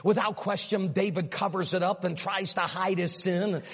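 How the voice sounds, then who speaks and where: A man preaches a sermon in a high, husky voice, telling the story with big dramatic swings between quiet murmurs and ringing peaks. His voice carries a long reverb in a church hall, and the recording sounds a little dull. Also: steady tone, normal speed. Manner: dramatic storytelling, swinging from hushed low lines to loud high exclamations.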